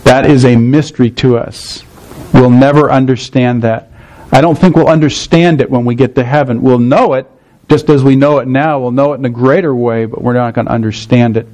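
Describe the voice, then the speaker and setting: A man's voice: medium pitch, fairly even intonation, brisk, mellow, poor audio. A middle-aged male pastor preaching a morning sermon, explaining scripture step by step and often checking in with the congregation.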